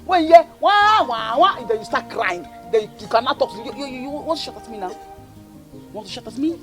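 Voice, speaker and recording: An actress with a Nigerian accent playing a scornful young woman who mocks and bullies her sister, swinging between shouts and mutters. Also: high voice, animated, normal speed, faint music behind. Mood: taunting.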